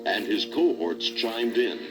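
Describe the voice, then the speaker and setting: Low-voiced man narrating a storybook record. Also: expressive, slow pace, music in the background. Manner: dramatic read-aloud storytelling.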